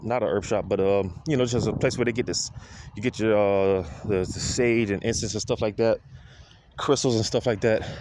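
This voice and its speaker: A man talking to fellow men in a casual, rambling monologue, with many restarts and repeated "you know". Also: medium pitch. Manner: repetitive, halting, lots of restarts and "you know". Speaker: speaker addressing fellow men. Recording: background street noise.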